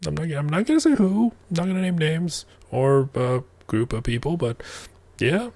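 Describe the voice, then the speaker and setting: A man's voice: on the high side, expressive, moderate pace, dark tone. A man hosting a reaction video, chatting casually over the clip he watches, with hesitant, chuckling asides. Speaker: reaction channel host.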